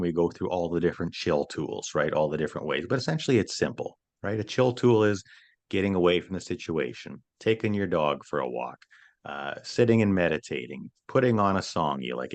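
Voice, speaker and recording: A man answering an interview question as a stress coach, earnestly explaining his approach and often repeating words as he starts a thought. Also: low voice.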